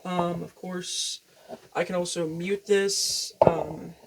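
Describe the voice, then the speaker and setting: A woman's voice: fairly low pitch, fairly even intonation, slow, noisy background. Rambling young woman, casual and swearing. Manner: rambling, swears freely, self-deprecating. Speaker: vlogger. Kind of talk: casual chat. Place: room at home. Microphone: video game headset mic.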